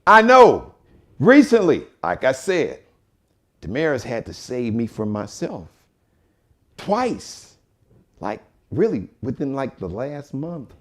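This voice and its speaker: A man hosting a live commentary show, joking and telling stories in an animated way. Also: mid-range voice, slow pace, long pauses. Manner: animated, joking, storytelling, shout-outs. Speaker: host.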